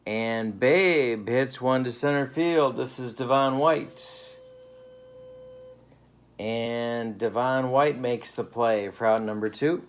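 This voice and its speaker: A man's voice: mid-range voice, slow. A man calling mock play-by-play for a tabletop baseball game at home, with dry, playful broadcaster patter. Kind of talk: mock radio play-by-play commentary. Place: home living room.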